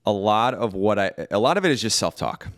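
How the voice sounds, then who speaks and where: Young man, low voice, casual podcast co-host, relaxed, dry close sound. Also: brisk, no echo. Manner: relaxed, talks through examples with filler words. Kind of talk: casual conversation.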